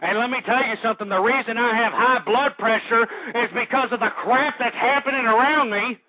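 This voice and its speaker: High-voiced ranting male radio host. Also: a little fast, no echo. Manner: ranting, agitated, shouting at times. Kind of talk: talk radio monologue. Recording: dull lo-fi dry radio recording.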